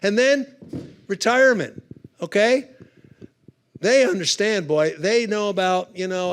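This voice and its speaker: High, gravelly man telling funny stories. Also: unhurried. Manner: chatty, conversational, punchy asides. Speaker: conference speaker. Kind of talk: humorous storytelling talk. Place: conference hall.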